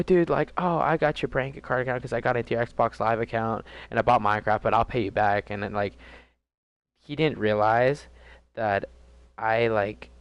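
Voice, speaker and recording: Young male vlogger, low smooth voice, rambling profane storyteller. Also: no echo. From DC, Maryland and Virginia area. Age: young adult. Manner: casual, rambling, profane, with many fillers and restarts. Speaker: gaming vlogger. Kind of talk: storytime vlog.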